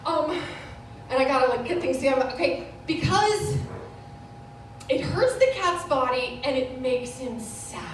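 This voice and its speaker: A woman's voice: sits high, animated, a little slow. A woman performing a stand-up comedy routine, telling a story in a mock-serious way and laughing at her own punchlines. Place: bar stage before a live audience. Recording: echoey room from far off, noisy.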